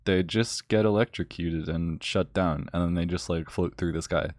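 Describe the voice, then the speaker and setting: A man's voice: low voice, normal speed, a little mellow, no echo, clean studio sound. A young man recapping a film in a casual, rambling, sarcastic rant full of fillers. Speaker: vlogger.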